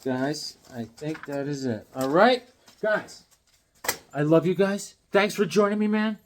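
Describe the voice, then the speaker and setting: A man's voice: on the high side, expressive, a little slow, slight background noise. A man in his fifties chatting casually to camera about comics he collects and pictures he drew, rambling and joking as he goes. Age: 50s. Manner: rambling, jokey, drops into silly voices. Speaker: comic collector and hobby artist.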